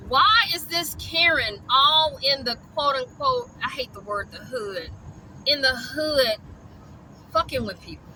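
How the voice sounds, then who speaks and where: A woman's voice: sits high, very animated, unhurried, pushed and bright, a little hiss or hum, rough recording. A woman, ranting bluntly and profanely in a vlog about dog rescue.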